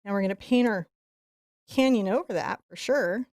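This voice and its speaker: A woman teaching a live painting tutorial in a soft, soothing voice as she paints. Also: medium pitch, moderate pace, no echo, clean studio sound. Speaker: painting instructor.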